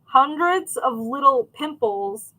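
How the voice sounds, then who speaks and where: A woman's voice: high-pitched, expressive, takes it slowly, bright, forceful tone, poor audio. A young woman hosting a crafting livestream, chatting casually and answering viewers' questions as she goes. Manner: chatty, rambling, reads and answers chat. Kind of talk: casual chat with live viewers.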